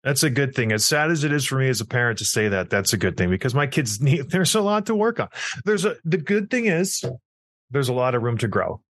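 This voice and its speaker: A man's voice: medium pitch, sing-song, fairly quick, a bit bright, no room sound. A middle-aged man co-hosting a sports podcast, telling a blunt, self-mocking story in casual chat. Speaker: podcast co-host.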